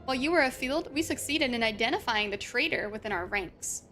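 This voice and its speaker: A woman's voice: fairly high pitch, expressive, brisk, sharp tone, faint music behind. A woman reading aloud as a male military commander in a game, with formal old-fashioned wording and hesitant, evasive replies.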